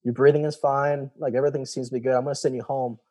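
This young man, a guest, tells his story quickly in a warm mid-range voice that barely shifts in pitch. He's casual and rambling, quoting what people said with "he's like," and there's no room sound.

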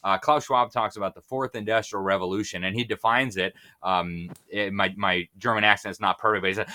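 A man giving impassioned interview commentary with the force of a preacher. His voice is bright and sharp, and he presses hard on his points. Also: on the low side, steady tone, fairly quick, few pauses. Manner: fervent, preacher-like emphasis. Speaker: guest.

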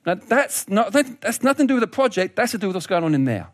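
High-voiced, lively preacher man. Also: fast talker, dry recording, studio quality. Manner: lively, humorous, laughs often, repeats words. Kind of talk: sermon.

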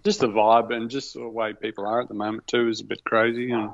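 A man's voice: lowish voice, little pitch movement, brisk, vocal fry. A man co-hosting a podcast, talking in a hesitant, laid-back way. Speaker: podcast co-host. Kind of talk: casual podcast chat. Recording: dry, dull lo-fi line.

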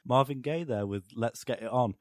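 A man's voice: mid-range voice, moderate pace, a little mellow, no echo, clean studio sound, soft background music. A young man, co-hosting a comedic chat and rambling through jokes with restarts. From Britain. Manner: rambling, joking, trails off and restarts. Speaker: podcast co-host.

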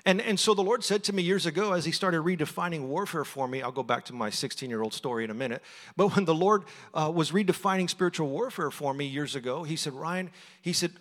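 This guest speaker, a middle-aged man from Texas, has a slightly high, somewhat bright voice. He preaches a sermon conversationally in a church sanctuary, telling stories and frequently laughing, with long hall reverb on the recording.

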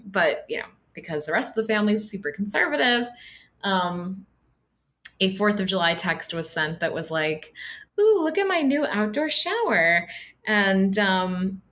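A woman's voice: fairly low pitch, pushed and bright, a little hiss or hum. A woman co-hosting a podcast, talking casually with many fillers and a sarcastic edge. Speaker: podcast co-host. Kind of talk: casual political chat.

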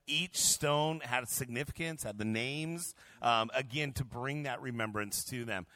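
A man's voice: medium pitch, measured pace, pushed and bright, no echo. A male pastor co-teaching a Bible passage, earnest and conversational, applying it to everyday life. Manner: earnest, applying the text to listeners' lives.

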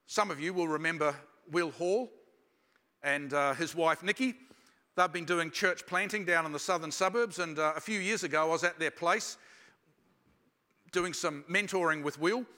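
A high, bright man preaching a sermon, reflective and unhurried, leaning into his stories. His voice carries a long reverb from a big hall. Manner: reflective, slows down for emphasis. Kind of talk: sermon with personal storytelling.

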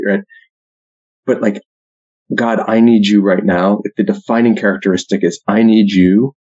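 A man, talking casually about faith, full of "like" and "right?", loud when he acts out quotes. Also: lowish voice, breathy edge. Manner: conversational, says "like" and "right?" a lot, acts out quotes loudly. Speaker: speaker. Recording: muffled lo-fi recording.

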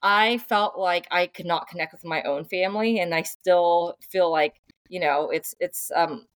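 A woman's voice: on the low side, steady tone, measured pace, dry recording. A young adult woman, a podcast guest and author, talking through her family life in an earnest, reflective way, with many fillers and restarts. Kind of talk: casual conversational interview.

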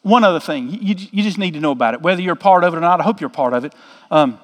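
A man's voice: fairly high pitch, lively intonation, rapid-fire, a bit bright, long reverb tail. A man, a pastor telling a story in a folksy, joking sermon.

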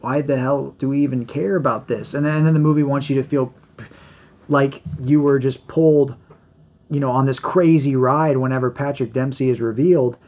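A man co-hosting a podcast, giving a measured, hedging movie review in casual chat, often restarting his sentences. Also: mid-range voice, steady tone, darkish tone. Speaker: podcast co-host.

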